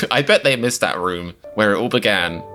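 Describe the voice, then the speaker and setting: A man's voice: fairly low pitch, animated, normal speed, music in the background. A man giving casual reaction commentary as a comedian, chatty and wry, with lots of fillers and self-mocking asides.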